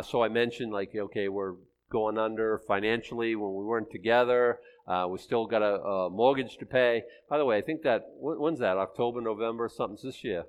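A man preaching a sermon in a fast, conversational, emphatic way. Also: fairly low pitch. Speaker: pastor.

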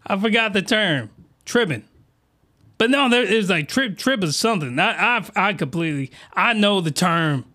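In a high, animated, pushed and bright voice at normal speed, a man hosts a comedic podcast reviewing comics. His crude review monologue is rambling and jokey, and he often cuts himself off mid-sentence.

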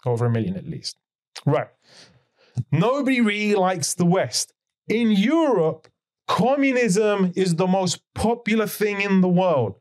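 Emphatic lecturing man, fairly high voice. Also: big pitch swings, measured pace. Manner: emphatic, lecturing, many rhetorical questions. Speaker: podcast guest. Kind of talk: conversational podcast lecture.

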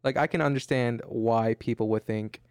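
A tired young podcast host yawns his way through a casual chat, rambling with many restarts and fillers. His mid-range voice is clear and resonant with fairly even intonation and a moderate pace, and the recording is dry, clean studio sound.

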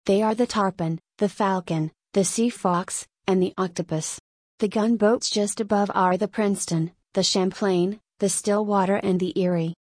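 A woman's voice: mid-range voice, fairly even intonation, normal speed, a little mellow, no room sound, lightly acted. A knowledgeable male soldier who explains things plainly and matter-of-factly, as a woman audiobook reader puts him on. The recording is dry and close. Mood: explaining. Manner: explanatory, listing. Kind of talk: audiobook reading.

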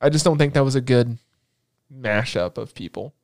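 A young man co-hosting a podcast, excitable and joking, rambling in casual chat. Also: mid-range voice, moderate pace, dry recording, clean studio sound. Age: young adult. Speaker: podcast co-host.

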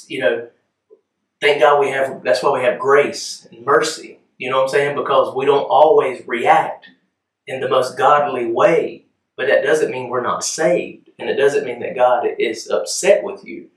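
This off-mic recording captures a pastor with a medium-pitched voice preaching in a reverberant church hall. His sermon feels like a conversation, punctuated by frequent checks on whether everyone follows.

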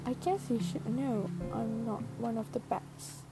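A woman's voice: a little high, measured pace, low-quality recording. A woman reading a frightened secretive young heroine. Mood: worried. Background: loud guitar music.

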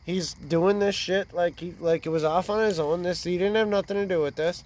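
A man's voice: sits high, fairly even intonation, a little fast, crowd noise. A man in his twenties telling a rambling, profane story in casual chat by a fire. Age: 20s. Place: outdoors by a fire.

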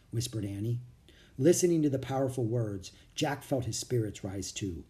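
A man narrating a children's chapter book aloud in an expressive storytelling manner. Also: mid-range voice, normal speed. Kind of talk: audiobook reading for children.

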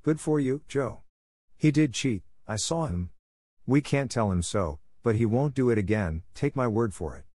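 A man doing a lively teenage boy host. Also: mid-range voice, normal speed, no echo, studio quality, natural voice. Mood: hushed.

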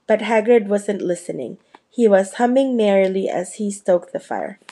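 A woman narrating a storybook chapter in a steady, unhurried reading voice. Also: medium pitch. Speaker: audiobook reader.

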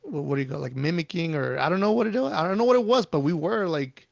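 A man's voice: on the high side, animated, quick pace, vocal fry, no room sound. A man chatting casually on a podcast, rambling with lots of fillers and restarts as he asks the questions. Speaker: guest asking questions. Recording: dull, lo-fi, dry.

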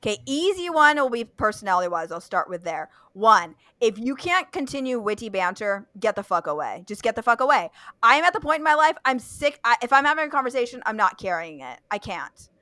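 A woman's voice: a little high, very animated, fairly quick, sharp tone, no room sound. A young woman hosting a casual chat, blunt and profane, with lots of fillers and restarts. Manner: blunt, swears freely, many fillers and restarts. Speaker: podcast host.

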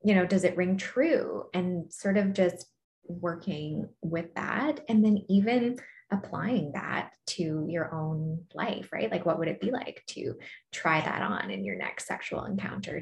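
A woman guest speaking in a somewhat low voice about her coaching work. She sounds thoughtful and soft-spoken. She often poses questions to her listener. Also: a little slow. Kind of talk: casual interview.

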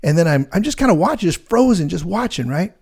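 In casual conversation, a middle-aged real estate agent tells an animated, rambling story loaded with fillers. He has a high-pitched, slightly rough voice and talks at a quick pace.

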